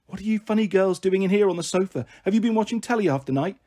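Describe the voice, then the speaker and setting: A man's voice: sits high, lively intonation, quick pace, mellow, pitched above the performer's own voice. A man voicing a cheerful young mother who teases and mock-scolds her daughters in a storybook reading. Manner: teasing, affectionate scolding.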